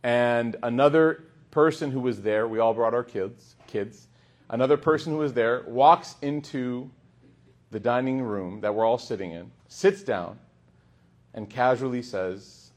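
Animated male preacher telling a story. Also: medium pitch, measured pace. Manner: animated, humorous, acts out quoted voices. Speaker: religious teacher. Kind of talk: storytelling sermon.

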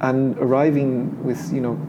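A man's voice: medium pitch, level tone, unhurried, dull audio, background noise. A middle-aged Irish man, his accent carrying an English lilt, talking casually about his life in an interview, hesitant and full of restarts. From Ireland. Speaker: painter being interviewed.

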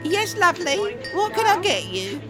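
Chirpy old shopkeeper woman, played by a man, very high shrill voice, music underneath. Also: very animated, normal speed. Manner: chirpy, chatty, calls everyone dear.

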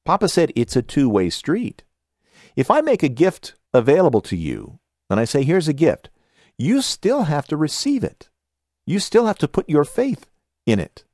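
Southern California man with lively pitch. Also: dry recording, studio quality. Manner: conversational, reads listener comments aloud with asides. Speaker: podcast host. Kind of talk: casual book review talk.

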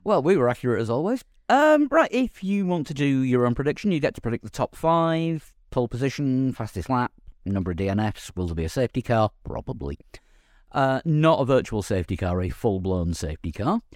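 A man hosting a relaxed podcast conversation. His pitch moves a lot as he talks, and he stops and restarts his sentences often. The sound is dry and close. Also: no echo. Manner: halting, with frequent ums and restarts. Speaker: podcast host. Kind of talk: casual chat.

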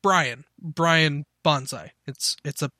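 A man voicing an excitable, absent-minded professor who apologizes and trails off mid-sentence. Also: a little high, takes it slowly, dry recording, clean studio sound. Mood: apologetic.

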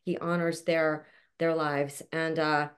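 A woman's voice: low-pitched, flat delivery, takes it slowly, smooth. Chatty woman host on a video call, affectionate, laughs a lot. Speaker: show host introducing a panel. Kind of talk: casual chat.

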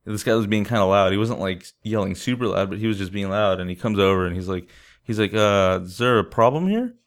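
A man's voice: low voice, flat delivery, fast. A young man from California casually telling a travel story on a podcast, with lots of "like" and "man" and frequent laughs. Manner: laughs often, fillers like "like" and "man". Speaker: podcast host.

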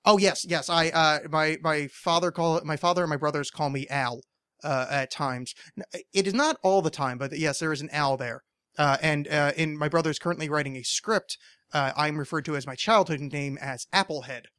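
A man's voice: a little high, normal speed, a bit bright, dry recording. A man chatting casually on a podcast, rambling and exasperated and swearing freely. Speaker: podcast co-host. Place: studio.

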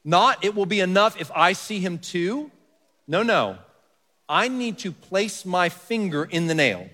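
A man preaching a sermon as pastor, reading scripture softly and building to earnest emphasis. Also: high voice, sing-song, a little slow. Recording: long hall reverb.

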